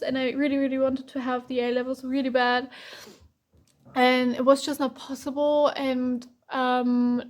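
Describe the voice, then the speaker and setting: A young woman from Germany with a German accent, giving a casual, chatty tarot reading and filling her talk with "like" and "um". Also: high voice. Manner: casual, chatty, heavy use of "like" and "um". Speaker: tarot reader. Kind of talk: pick-a-card tarot reading.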